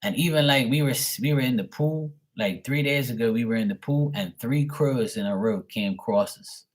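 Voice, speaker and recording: A man's voice: medium pitch, normal speed. A man, hosting a live tarot stream, telling a rambling, profane story and answering his viewers. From Bermuda. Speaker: tarot reader livestream host. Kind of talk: casual livestream chat.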